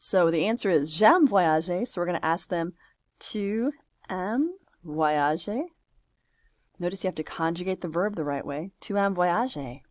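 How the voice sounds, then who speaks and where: A woman with a fairly low voice explains French questions one by one, thinking aloud as she clicks through a homework screen. The sound is dry and close, with no room around it. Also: fairly quick, hardly any pauses, dry recording. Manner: talks through each step aloud, patient and chatty. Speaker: French teacher. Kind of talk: screen-recorded homework walkthrough.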